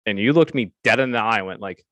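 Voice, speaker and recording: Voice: mid-range voice, fast talker, a bit bright, no room sound, highs cut off. A guest host chatting casually, laughing along and telling a teasing story about the host. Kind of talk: casual chat.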